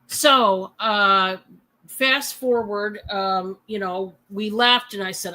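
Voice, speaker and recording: A woman's voice: mid-range voice, takes it slowly, bright, forceful tone, low-quality recording. A woman hosting her own livestream at home, telling a personal story in a rambling, heartfelt way with lots of fillers and restarts. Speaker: channel host.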